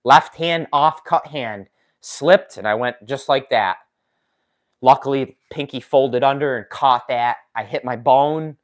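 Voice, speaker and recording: A man hosts a casual live stream, talking straight to his viewers. He reads their comments out loud and laughs often. He speaks into a desk microphone with his injured hand in a splint. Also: medium pitch, a little slow. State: recovering from a finger injury, in a splint. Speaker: woodworking channel host.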